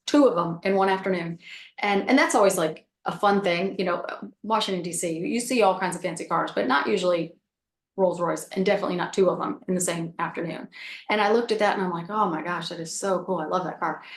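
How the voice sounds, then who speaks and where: A woman guest on a call giving a casual spiritual teaching, repeating her phrases and acting out little self-talk examples. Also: mid-range voice. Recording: roomy echo.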